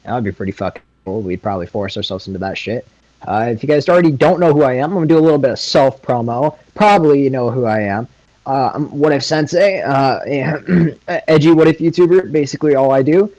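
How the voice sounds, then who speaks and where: A man at ordinary pitch rambles through an improvised story in loose, profane chat. He laughs easily and keeps it laid-back. The sound is dry and close. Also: a little fast, a little mellow, dry recording, rough recording. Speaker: guest YouTuber.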